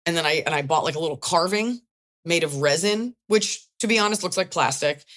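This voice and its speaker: A woman with a notably low voice hosts a casual podcast. She tells stories in a wry, chatty way, with plenty of swearing and comic asides. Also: fairly quick, a bit bright. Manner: chatty, wry, profane storytelling. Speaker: podcast host and stand-up comedian. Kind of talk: casual comedic chat.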